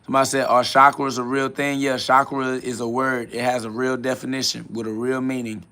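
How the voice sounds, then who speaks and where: A man's voice: medium pitch, level tone, brisk, bright, forceful tone, clear, resonant tone. A man hosting a live stream, answering chat questions in a preachy, blunt way, with casual slang and quoted Bible verses. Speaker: livestream host.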